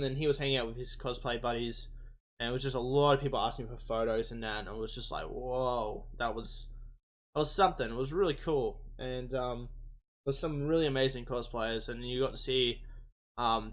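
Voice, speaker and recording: Excitable young Australian man rambling. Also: medium pitch. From Melbourne, Australia. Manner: rambling, excitable, swears and laughs often. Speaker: podcast host. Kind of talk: casual storytelling.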